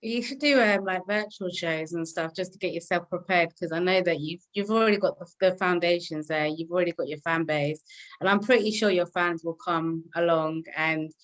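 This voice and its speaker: A woman's voice: fairly low pitch, normal speed. A woman with a British accent interviewing a musician in a chatty, friendly way. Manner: chatty, laughs often. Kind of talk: casual interview.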